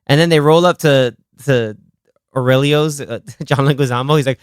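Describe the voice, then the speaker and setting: A man's voice: medium pitch, moderate pace, clean tone, dry recording, studio quality. A young man hosting a casual podcast, retelling movie scenes with quoted lines and frequent laughter. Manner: animated, laughs often, quotes scenes in voices. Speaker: podcast host.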